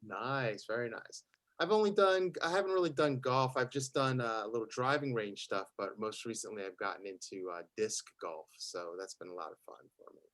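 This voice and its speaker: A man with a mid-range voice talks through a practice referral call with a networking group. He sounds friendly and steady, with a few hesitations. The sound is dry and close, like a video call. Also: mid-range voice, moderate pace, no room sound. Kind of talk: role-play referral call.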